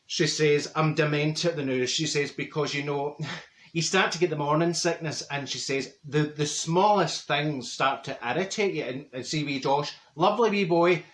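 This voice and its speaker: Rambling Glaswegian gossip woman played by a man, middle-aged, mangles long words, slightly high voice, echoey room. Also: moderate pace, fairly bright tone, natural voice. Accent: Glaswegian Scottish. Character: chatty middle-aged Glasgow woman, straight-talking gossip. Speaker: comedy character monologue. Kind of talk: comic storytelling to camera.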